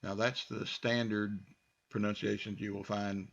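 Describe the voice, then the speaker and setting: A man with an American accent teaching English number pronunciation, drilling them slowly with casual fillers. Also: lowish voice, creaky, highs cut off. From United States. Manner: relaxed, repetitive drilling with fillers. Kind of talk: pronunciation lesson.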